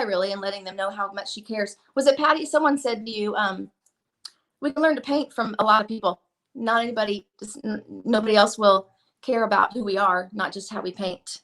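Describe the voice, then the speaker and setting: A woman's voice: mid-range voice, fairly bright tone. A woman chatting casually as a guest, rambling and self-deprecating, acting out little asides as she talks. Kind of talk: casual chat.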